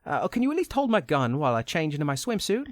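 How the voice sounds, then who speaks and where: A man voicing a brisk female British adventurer in a put-on, exaggerated accent. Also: a little high, very animated, dry recording, studio quality, voice pushed up. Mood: insistent.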